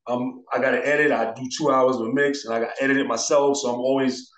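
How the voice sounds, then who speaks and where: A man in a relaxed interview, talking through his memories at an easy pace and slipping into the voices of the people he quotes. His voice sits at an ordinary pitch. The room gives it a noticeable echo. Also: fast talker. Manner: laid-back, acts out quoted voices. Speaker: DJ and turntablist guest. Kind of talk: casual storytelling interview. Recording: roomy echo.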